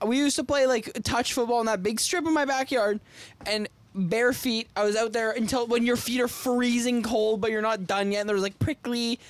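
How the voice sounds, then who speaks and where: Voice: mid-range voice, steady tone, normal speed, dry recording. A young adult co-hosting a casual podcast, playful and teasing, swearing casually. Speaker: podcast co-host.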